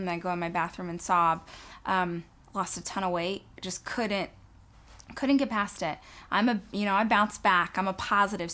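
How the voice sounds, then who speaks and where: A woman sharing a personal faith testimony in an earnest, emotional way, often halting and restarting her sentences. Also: fairly low pitch, fairly bright tone.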